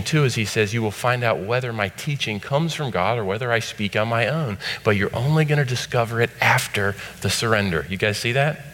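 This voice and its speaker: A middle-aged man delivers a sermon from the pulpit of a church sanctuary. His voice is bright and forward, easygoing in the asides and lifting with force on the quoted scripture. A long hall reverb trails each phrase. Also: medium pitch, slight background noise. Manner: conversational preaching, rising to emphatic scripture quotes. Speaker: pastor.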